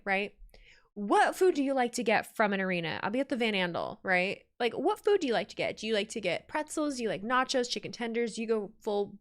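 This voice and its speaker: A woman's voice: on the high side, a bit bright. A woman live-streaming her reaction to a wrestling show, chatting casually, laughing often and reading viewer messages aloud.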